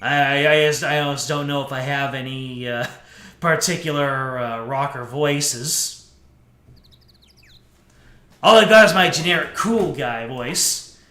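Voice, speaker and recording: A man's voice: a little high, normal speed, pushed and bright. A male streamer giving casual let's play commentary, musing aloud and restarting his sentences. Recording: echoey room.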